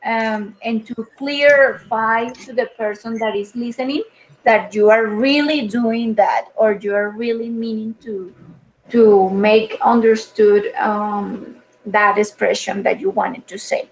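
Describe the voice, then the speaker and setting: A woman teaching an online English grammar lesson over a video call. She explains patiently and fills pauses with "uh" and "um". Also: on the high side, fairly even intonation, a little hiss or hum, rough recording. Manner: patient, explanatory, with frequent fillers.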